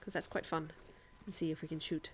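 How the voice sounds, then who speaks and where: A chatty woman streamer with a lowish voice, talking over her gameplay in a put-on Irish lilt. She laughs easily and speaks straight to her chat between moves. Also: little pitch movement, fairly quick, slightly rough. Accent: put-on Irish accent. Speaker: game streamer. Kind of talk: live gameplay commentary.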